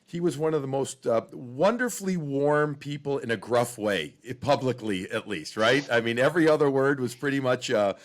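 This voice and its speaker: A man's voice: medium pitch, moderate pace, few pauses. A man co-hosting a hockey podcast, chatty and rambling, telling stories with many restarts. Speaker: podcast co-host, hockey broadcaster. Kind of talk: casual podcast interview.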